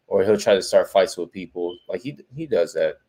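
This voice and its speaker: A man streaming a casual chat, animated, swearing freely and laughing often. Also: sits low, fairly quick.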